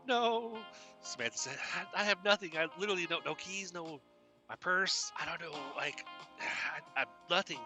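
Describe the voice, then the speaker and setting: Panicky lost young woman, high and shaky, a man playing her; breathless, near sobbing, for a spoken horror story. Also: moderate pace, sharp tone, soft background music. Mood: scared.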